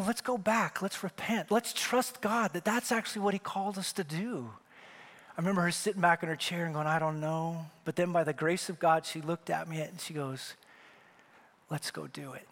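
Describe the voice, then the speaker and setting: A man's voice: on the high side, fairly bright tone. A middle-aged male pastor from Wyoming preaching a sermon, telling a story and acting out the dialogue with rising emphasis.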